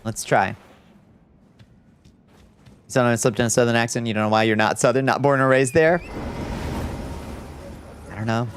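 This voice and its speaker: A man's voice: medium pitch, steady tone, normal speed, pauses often, a little hiss or hum. A young man streaming a video game live, chatting casually, answering chat and laughing easily. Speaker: VTuber streamer. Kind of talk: live-stream gameplay commentary.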